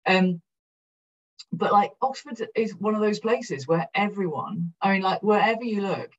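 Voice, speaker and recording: This is a frank, self-deprecating keynote from a middle-aged woman from South Wales, who speaks with energy and casual swearing to a conference-room audience. Her breathy, husky voice is medium in pitch and a little slow. The distant, muffled recording sounds dull.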